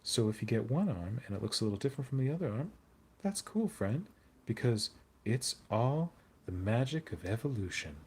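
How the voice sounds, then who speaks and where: A man doing a parody impression of a calm, soft-spoken male hobby streamer with a slow, soothing voice. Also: mid-range voice, husky. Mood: mock cheerful. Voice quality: slow, soothing, mock-dulcet.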